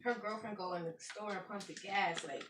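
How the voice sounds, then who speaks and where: A woman's voice: mid-range voice, fairly quick, background noise. A woman co-hosting a podcast, telling a story in casual chat and acting out the voices of the people in it. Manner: animated, laughing storyteller who acts out quoted lines. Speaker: podcast co-host. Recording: echoey room, mic at a distance.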